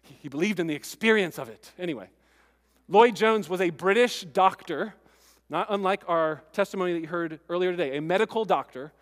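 A male pastor preaching a sermon, earnest and stirring, with relaxed conversational asides to the congregation. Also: high voice, fairly quick, long reverb tail.

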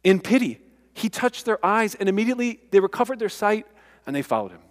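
Pastor, man, slightly high voice, conversational emphatic sermon, long hall reverb. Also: big pitch swings, brisk. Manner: conversational, emphatic preaching with asides.

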